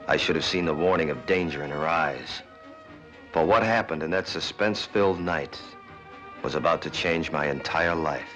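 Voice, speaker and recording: An actor playing a world-weary 1950s film hero and narrating a trailer in a smooth dramatic voice, from an old film recording. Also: male voice, sits low, natural voice. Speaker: trailer narrator and leading man. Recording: dull old film audio under music.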